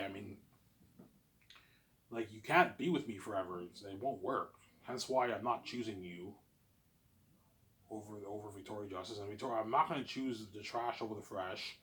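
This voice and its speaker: A man vlogging in a rambling, repetitive monologue, boastful and swinging between loud bursts and low mumbles. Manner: repetitive, boastful, keeps saying obviously.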